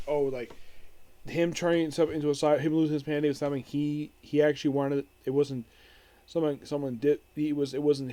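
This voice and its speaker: A man's voice: on the high side, warm tone, dry recording. A man casually recapping an anime episode as a reviewer, rambling with frequent restarts and fillers.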